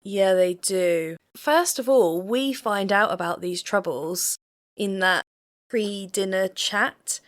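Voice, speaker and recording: A woman co-hosting a reaction podcast about a reality show, talking in a measured, analytical way and laughing easily. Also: mid-range voice. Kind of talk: casual chat.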